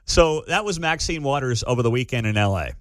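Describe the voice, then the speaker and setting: A man's voice: medium pitch, fairly quick, dry recording, clean studio sound. Sarcastic male talk radio host. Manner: sarcastic, lively. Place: radio studio. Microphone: studio microphone.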